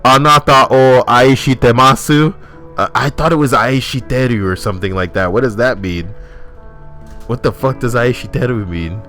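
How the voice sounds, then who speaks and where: Young guy w a deep low voice riffing and cursing on his channel, faint music behind. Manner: loud, swearing, mock-impersonating voices. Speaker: YouTube host. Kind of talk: casual banter.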